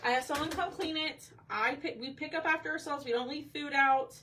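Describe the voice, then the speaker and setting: A woman's voice: high-pitched, fairly even intonation, fairly quick, recorded from a distance. A woman hosting a craft livestream, chatting casually with her viewers while she paints. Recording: voice a bit off-mic with faint room noise.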